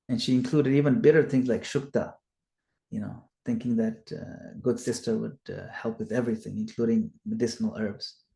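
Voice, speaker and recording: A man teaching a scripture study and retelling the story as an animated storyteller who acts out the quotes. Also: medium pitch. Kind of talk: storytelling lecture. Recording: echoey room.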